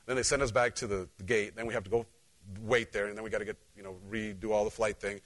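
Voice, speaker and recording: A male pastor with a fairly low voice preaches at a quick pace. Animated and conversational, he weaves in personal stories and addresses the people in his congregation directly.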